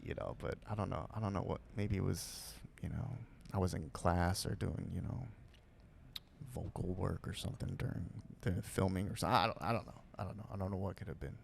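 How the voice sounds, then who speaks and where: A man with a low, gravelly voice talks loosely as a podcast guest. He rambles, doubts himself out loud and trails off into fillers. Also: fairly even intonation, fairly quick. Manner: rambling, self-deprecating, drifts into impressions. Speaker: podcast guest, actor and comedian. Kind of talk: casual podcast chat.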